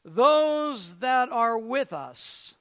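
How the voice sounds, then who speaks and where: A man voicing a calm, steady old male prophet who speaks softly and reassuringly. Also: very high-pitched, drawn-out words, clean tone, full character voice.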